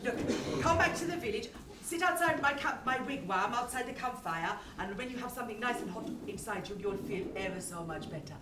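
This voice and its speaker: A woman's voice: on the high side, lively intonation, fairly quick, natural voice. A woman with an English accent acting a cheeky, motherly village cook in a pantomime, chatty and jokey. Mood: fussing. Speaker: amateur stage actor. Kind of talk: pantomime stage acting with ad-libs. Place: community stage hall. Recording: echoey hall from far off, noisy.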